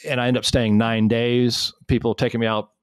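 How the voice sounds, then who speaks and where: A man from South Carolina with a Southern US accent, a podcast guest telling animated, self-deprecating anecdotes. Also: medium pitch, fairly quick, smooth, no echo, studio quality. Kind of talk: storytelling in a podcast interview.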